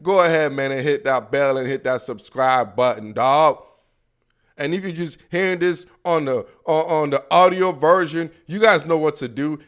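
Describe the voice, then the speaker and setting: A man's voice: fairly high pitch, a bit bright, smooth. A young man hosting a football podcast, talking casually in a playful, slangy way straight to his listeners. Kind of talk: casual sports commentary.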